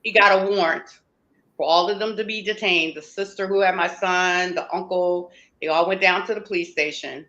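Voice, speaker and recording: A woman's voice: fairly low pitch, fairly even intonation, normal speed, fairly bright tone, muffled recording. A woman interview guest telling a personal story emphatically, acting out what people said to her. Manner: emphatic, acts out quoted dialogue.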